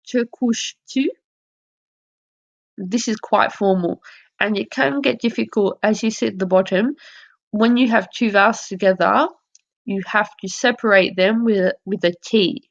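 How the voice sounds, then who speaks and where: A woman's voice: medium pitch, moderate pace, vocal fry. A woman teaching a lesson over slides, explaining patiently and modelling example phrases. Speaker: French teacher. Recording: dull lo-fi audio.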